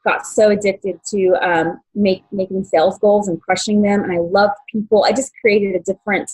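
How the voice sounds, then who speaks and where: A young adult woman telling her life story as an interview guest, halting, with many fillers and restarts, at times emotional. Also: medium pitch, fairly even intonation, a little mellow, breathy edge, poor audio. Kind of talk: personal story in podcast interview.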